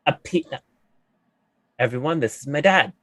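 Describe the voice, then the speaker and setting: A player voicing their character in a tabletop game, talking fast and matter-of-fact. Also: medium pitch, animated.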